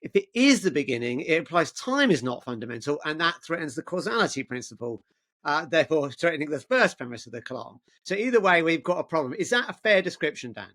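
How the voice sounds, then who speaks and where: A man's voice: a little high, sing-song, fast, a bit bright. A man hosting a discussion, summarizing the points and wrapping up, often repeating words as he starts. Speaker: host. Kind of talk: casual discussion.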